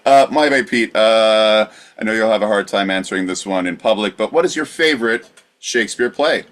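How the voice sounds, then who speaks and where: A man's voice: lowish voice, a little fast, fairly bright tone. A man co-hosting a live comedy podcast, asking questions in a wry, joking manner.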